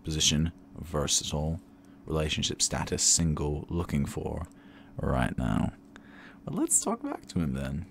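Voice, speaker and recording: A man rambling candidly and campily in a relaxed ASMR chat, drifting into soft whispers, tired and a little tipsy. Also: a bass voice, a little slow, creaky, a little hiss or hum. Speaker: ASMR creator.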